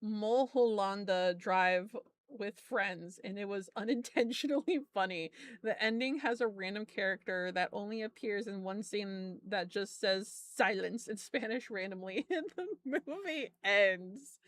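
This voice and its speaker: A woman's voice: medium pitch, unhurried, dry recording. A young adult woman streamer chatting casually, rambling through stories and laughing often, with frequent swearing.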